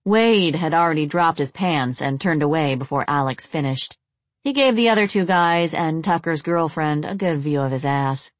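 A woman narrating an audiobook in a steady, even storytelling voice. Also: deep voice, normal speed, no room sound.

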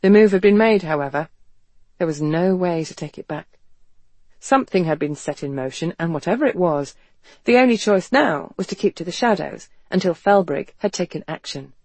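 An audiobook narrator reading a novel in an even, measured storytelling voice. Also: medium pitch, no echo.

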